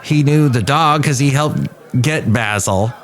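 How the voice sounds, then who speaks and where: Speaking a little slowly in a mid-range voice, a middle-aged American podcast host wanders through a personal story. He keeps it casual, restarting often and voicing quotes as if acting them.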